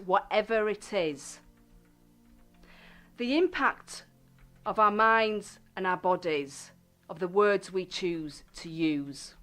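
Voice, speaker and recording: A woman with a mid-range voice hosts a self-help radio show. She speaks gently and deliberately, putting stress on key words.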